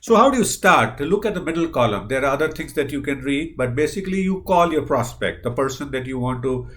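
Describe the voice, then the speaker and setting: A man's voice: mid-range voice, animated, fast, a bit bright, a little hiss or hum. Earnest man giving a lecture. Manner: earnest, repetitive, frequent "uh" fillers, acts out sample dialogue. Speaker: business trainer. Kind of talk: recorded lecture.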